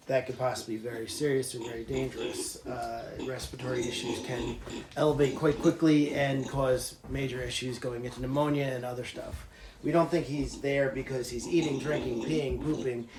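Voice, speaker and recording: A man's voice: medium pitch, reverberant, rough recording. A man caring for animals at a sanctuary, chatting casually to the camera and slipping into cooing baby talk with the animals. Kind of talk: casual vlog narration.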